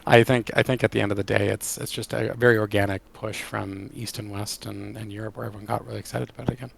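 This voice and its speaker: A man who works as a game creative director, answering interview questions in an enthusiastic, animated way. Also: fairly low pitch, fast, vocal fry, slightly rough.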